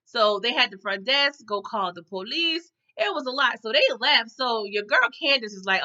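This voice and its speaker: A woman talks through a TV episode recap in a loose, slangy, chatty way, calling her viewers y'all and tagging her lines with okay. Her voice sits a little high and sounds bright and forceful. The recording is dull and lo-fi. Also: lively intonation, normal speed, hardly any pauses. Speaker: TV recap vlogger.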